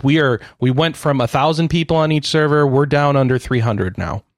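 A man's voice: medium pitch, no room sound, clean studio sound. A man co-hosting a podcast, chatting casually about games, rambling and cutting himself off, often laughing. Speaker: podcast co-host. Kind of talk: casual gaming chat.

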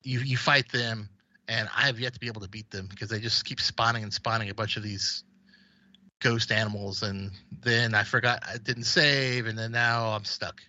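A man rambles casually about games on a podcast, his voice very bright and forward. The sound is dry and close, though a little dull in band. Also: fairly low pitch, fairly even intonation, normal speed, no echo. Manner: rambling, with many fillers and restarts. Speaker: podcast co-host.

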